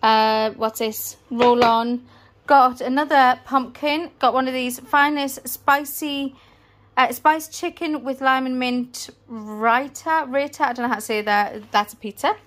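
Inside the family home, a mother goes item by item through her groceries in a chatty, rambling vlog, a touch breathless. Her high voice is steady in tone, somewhat bright, and paced in a measured way.

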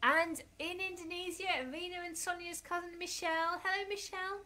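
A woman's voice: very high voice, fairly even intonation, a little fast, pushed and bright, low-quality recording. A woman hosting a Bible club for children, talking in a friendly way and calling out sing-song greetings.

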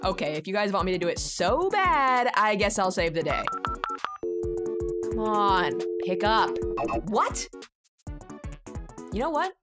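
A woman's voice: medium pitch, sing-song, over loud music. A woman voicing a smug, self-centered female talking smartphone in a cartoon, sarcastic and self-pitying. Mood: snarky. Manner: sarcastic and self-pitying, quick mood swings. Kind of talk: cartoon voice acting.

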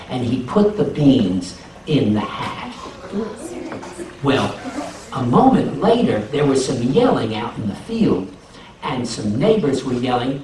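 A man telling a folktale to children, expressive and asking his listeners questions along the way. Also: medium pitch, slight background noise. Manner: expressive, asks the audience questions. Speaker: storyteller for children. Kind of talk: animated live storytelling. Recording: roomy live sound from a distance.

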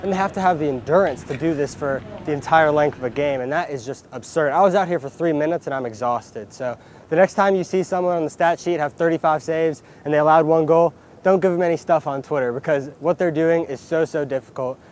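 A man's voice: a little high, a little fast, a little mellow. A male sports reporter at an ice rink, out of breath and panting, talking earnestly and emphatically to the camera. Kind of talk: on-camera wrap-up to viewers.

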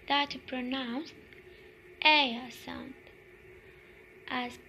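A young woman student giving a slow, deliberate classroom presentation on pronunciation, repeating each example word. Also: high voice, little pitch movement, creaky, bright, forceful tone, a little hiss or hum, poor audio. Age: young adult.

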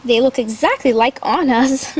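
A woman's voice: high-pitched, a little slow, darkish tone, husky. A woman doing playful doll role-play for children, voicing a mom doll in a bubbly, giggly, sing-song way.

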